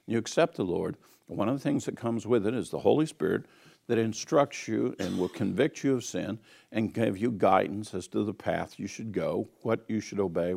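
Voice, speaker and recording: A man's voice: fairly low pitch, gravelly, mellow. A man giving an earnest teaching sermon on scripture, emphatic and repeating key phrases. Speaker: Bible teacher.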